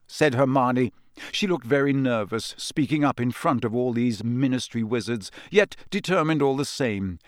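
A man's voice: mid-range voice, moderate pace, no room sound, studio quality. A man narrating a novel expressively as an audiobook reader. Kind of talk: scripted narration.

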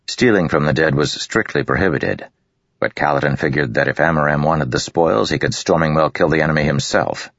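A man narrating a story in a steady, even way, with an extremely deep voice and heavy vocal fry. The recording is dry and dull, with the top end muffled. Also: no room sound. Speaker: audiobook narrator. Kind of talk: scripted narration.

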